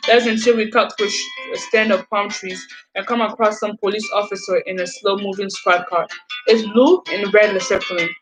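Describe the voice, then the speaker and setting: A woman's voice: medium pitch, fairly even intonation, normal speed, rough recording. A woman reading a children's novel aloud, enthusiastic, often stumbling and restarting lines. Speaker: reader. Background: background music.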